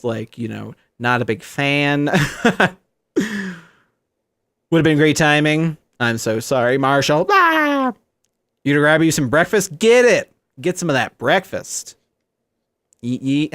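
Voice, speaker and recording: A man's voice: medium pitch, smooth, dry recording, studio quality. A young man streaming live, chatting casually and joking, laughing often. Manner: lively, jokey, laughs often. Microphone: good microphone.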